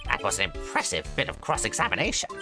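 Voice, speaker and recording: A man's voice: mid-range voice, huge pitch swings, quick pace, over music, pitched below the performer's own voice. A man reading aloud the lines of a composed woman defence lawyer in a video game. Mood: pointed.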